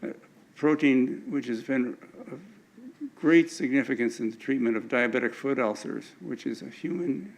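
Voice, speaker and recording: A man's voice: medium pitch, moderate pace, creaky, low-quality recording. An older man giving an anecdotal lecture with slides at an alumni event, often stumbling and restarting his words.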